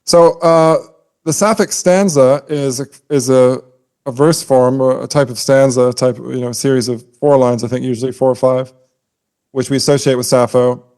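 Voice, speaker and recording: A man talks through classical verse forms in a relaxed, explanatory podcast chat. His voice is mellow and dark, sitting at an ordinary pitch. He now and then sounds out rhythms with his voice to make a point. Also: normal speed. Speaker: podcast co-host. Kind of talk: casual scholarly discussion.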